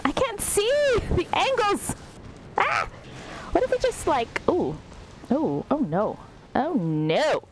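A woman's voice: sits high, big pitch swings, takes it slowly, slight background noise, poor audio. A woman streaming a video game, commenting sarcastically and laughing as she talks back to the characters. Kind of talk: live gameplay commentary.

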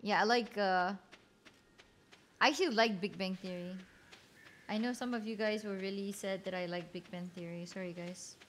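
A woman streamer chatting casually with viewers while she plays, swearing freely. Her voice jumps high when she gets angry. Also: steady tone, moderate pace, long pauses, a little hiss or hum. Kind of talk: casual gameplay commentary.

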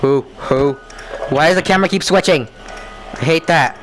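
A young man talking through a horror game in panic, repeating himself and swinging between yelps and low mutters. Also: moderate pace. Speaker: gamer playing a horror game. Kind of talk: scared gameplay commentary. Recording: game music playing behind.

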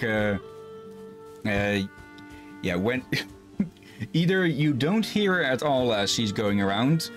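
A man streaming a co-op game with a friend, relaxed, thinking aloud and laughing often. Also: mid-range voice. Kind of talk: casual gaming chat.

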